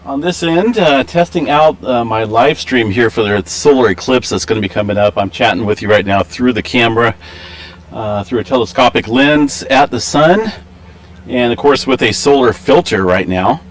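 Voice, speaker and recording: A man hosting a casual live stream, chatting in a relaxed, rambling way with lots of fillers, through a camera microphone. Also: mid-range voice, normal speed.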